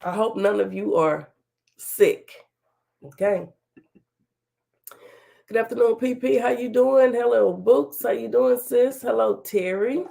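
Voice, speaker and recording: Taking it slowly with long pauses, a woman speaks in a fairly high, gravelly voice with a dark tone. She hosts a casual livestream talk show, folksy and chatty, greeting viewers by name while her voice remains a little off after an illness.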